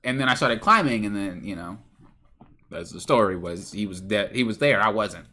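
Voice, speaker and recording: Talking casually about coaching games on his own podcast, a game coach tells an unscripted, wandering story at a moderate pace. He is animated, his bright, forward voice ranging widely in pitch, and he keeps tripping up, restarting, and correcting himself mid-thought.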